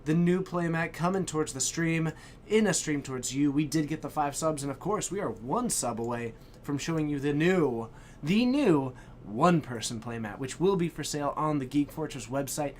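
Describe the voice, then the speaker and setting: A man hosting a live stream, chatting with viewers in a hyped, exclamatory way and breaking into shouts. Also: a little high, expressive, normal speed, slight background noise. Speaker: stream host. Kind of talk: excited live-stream chat.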